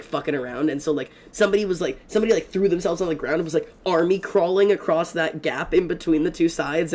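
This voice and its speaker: A young man streaming a game, telling stories in a fast, rambling, excitable way, swearing often. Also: fairly high pitch. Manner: excitable and profane, fast rambling storytelling with many fillers. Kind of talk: casual gaming stream chat.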